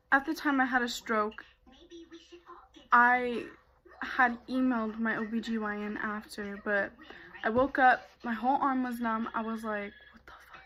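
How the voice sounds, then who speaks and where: A woman's voice: fairly high pitch, fairly bright tone, rough recording. A young woman vlogger telling a personal story in a casual way, full of fillers. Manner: casual, many fillers like "like" and "you know".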